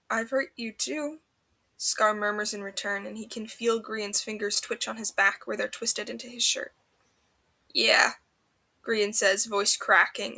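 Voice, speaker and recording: A woman reading fanfiction aloud for a podcast, in an expressive storybook narration. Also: mid-range voice, gravelly.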